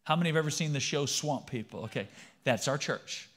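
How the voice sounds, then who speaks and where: A man's voice: a little high, brisk, a bit bright. A man in his fifties, a pastor giving a sermon in a conversational way and often asking the congregation questions.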